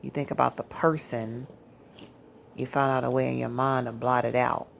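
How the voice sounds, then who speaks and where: A tired woman telling a personal religious testimony in a rambling, halting way, full of fillers. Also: a bass voice, little pitch movement, vocal fry, a little hiss or hum. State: tired, yawning. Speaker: Christian testimony speaker.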